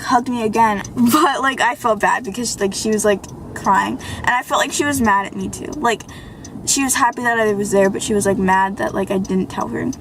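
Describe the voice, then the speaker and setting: A woman's voice: fairly high pitch, a little hiss or hum. A teenage girl vlogging in casual chat, rambling through a story with lots of "like" and sounding exasperated as she vents. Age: teens. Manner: rambling storytelling, heavy use of "like"; exasperated, venting.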